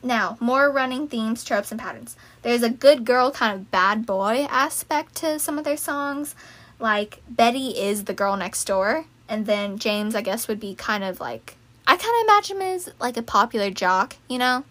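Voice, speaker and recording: A young woman talking through song lyrics in a casual, chatty way, reeling off lists and breaking into excited asides. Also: a little high, a little slow. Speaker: fan video creator. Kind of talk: casual lyric analysis talk.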